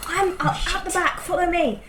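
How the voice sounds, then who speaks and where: A woman's voice: very high voice, normal speed, crowd noise. A British woman playing a tabletop game, making dry jokes at the table. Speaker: player. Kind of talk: casual game table chat. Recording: roomy.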